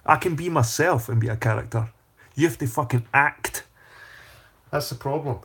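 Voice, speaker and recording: A man's voice: mid-range voice, moderate pace, fairly bright tone, breathy edge. A man hosting a casual livestream, talking in a profane, rambling way and repeating his phrases. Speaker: channel host.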